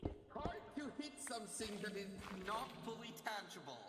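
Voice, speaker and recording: A man's voice: high voice, expressive, normal speed. A man joining a game stream, chatting and joking in a theatrical way. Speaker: fellow player. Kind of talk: casual gaming chat. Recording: loud hiss on his line.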